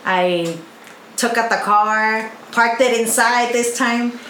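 Middle-aged woman, podcast co-host, animated and profane storyteller; roomy echo with faint hiss. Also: on the high side, takes it slowly. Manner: animated storytelling, heavy swearing. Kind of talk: casual chat.

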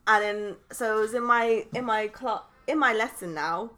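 Young British woman, podcast co-host, animated storyteller with a bright, high-leaning voice. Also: moderate pace. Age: young adult. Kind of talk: casual chat.

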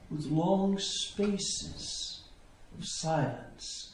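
A man preaching a sermon as a priest, in a slow, contemplative way with long pauses. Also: sits high, big pitch swings. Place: church. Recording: echoey church interior.

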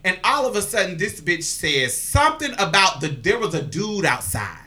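Animated man telling a bright, lively story. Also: high voice, normal speed. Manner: animated, profane, breaks into loud exclamations. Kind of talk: casual storytelling chat.

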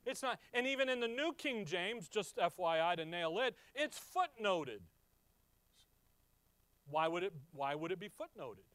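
Man, high voice, conversational and emphatic Bible teaching, dry close sound. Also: big pitch swings, unhurried, clear, resonant tone, no echo. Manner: conversational, asks the listeners questions; emphatic, swings from loud to quiet. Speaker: preacher.

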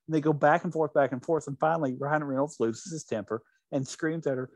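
A man's voice: fairly high pitch, steady tone, a little fast, hardly any pauses, darkish tone, no room sound. A man hosting a show in casual chat, retelling anecdotes in a rambling way with lots of restarts.

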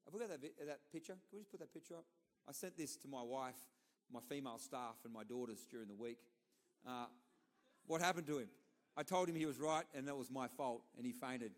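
A man's voice: medium pitch, fairly quick. A middle-aged man with an Australian accent delivering a sermon, telling personal stories in a conversational way with repeated, emphatic asides. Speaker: pastor.

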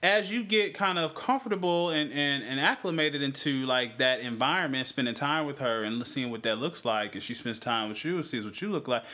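A man's voice: mid-range voice, brisk, few pauses, pushed and bright. A man co-hosting a podcast, telling a teasing story in casual chat and talking over interruptions. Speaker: podcast co-host.

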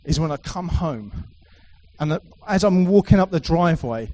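A man's voice: fairly high pitch, expressive, normal speed, warm tone, poor audio. A middle-aged man preaching a sermon to a congregation, emphatic and repetitive, with playful asides. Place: church hall with a live congregation.

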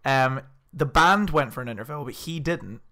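A man's voice: medium pitch, moderate pace, bright, forceful tone. A young man hosting a podcast, telling a story in casual chat and laughing often. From Scotland. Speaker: podcast host.

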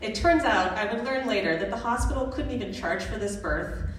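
A woman tells a live personal story in a comic, self-mocking way, pitched in a middling range. Her voice sits at a distance from the mic and rings through a very echoey hall. Steady background noise runs beneath her. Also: fairly quick. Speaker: storyteller, student midwife.

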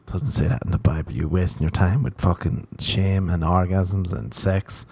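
Podcast host, young adult male, lowish voice, loose profane storytelling with put-on voices. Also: fairly even intonation, moderate pace, creaky, darkish tone, breathy edge, no room sound. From Ireland. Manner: profane, self-mocking, acts out voices. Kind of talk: rambling comedic monologue.

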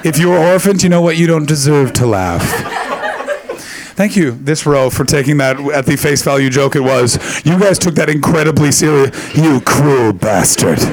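A man's voice: on the high side, expressive, moderate pace, background noise. A man in his late twenties doing stand-up crowd work, brash, profane and teasing. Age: late 20s. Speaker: stand-up comedian.

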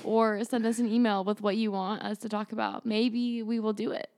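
A woman's voice: mid-range voice, animated, moderate pace, darkish tone. A woman co-hosting a podcast in casual chat, rambling and full of filler words. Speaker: podcast co-host.

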